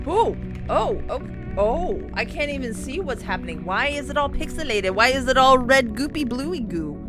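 A young woman narrating her own gameplay in a lively, bouncing voice that sits a little high. She gushes and thinks out loud as she plays, with game music running clearly underneath. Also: moderate pace. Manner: excitable, gushing, thinks out loud. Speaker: let's play gamer. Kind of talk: let's-play commentary. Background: game background music.

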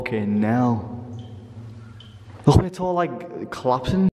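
A man's voice: medium pitch, animated, slow pace, mellow, a little hiss or hum. A young man hosting an exploring vlog, joking playfully with mock-serious asides as he films in a bunker tunnel. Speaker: urban explorer host. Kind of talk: casual vlog chat. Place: underground wartime bunker tunnel. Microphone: camera held close. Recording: echoey tunnel with long reverb, faint music.

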